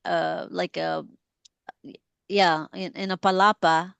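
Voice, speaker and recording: A woman hosting a poetry reading over a video call, reading her own poem and then chatting, sometimes halting to search for words. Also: lowish voice, level tone, gravelly, fairly bright tone, clear, resonant tone, dry recording. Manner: halting, self-correcting when searching for a word.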